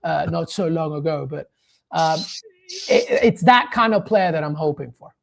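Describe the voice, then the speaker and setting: Male journalist guest, gravelly slightly high voice, eager, restarts a lot. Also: expressive, normal speed. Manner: enthusiastic, stumbles over starts, thinks aloud. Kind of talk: casual radio phone-in discussion.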